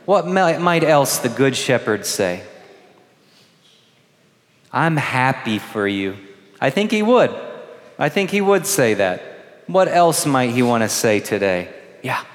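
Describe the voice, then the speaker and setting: A man preaching a gentle homily to first communicants, asking the children questions. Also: mid-range voice, big pitch swings, a little slow. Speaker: priest. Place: large church. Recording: long church reverb.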